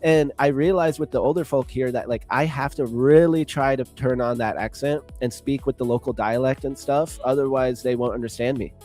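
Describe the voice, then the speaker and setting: A man's voice: mid-range voice, fairly quick, hardly any pauses, dark tone, faint music behind. A man with a Californian accent, co-hosting a livestream in a rambling casual chat full of fillers. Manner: chatty, rambling with many "like" fillers. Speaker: livestream co-host.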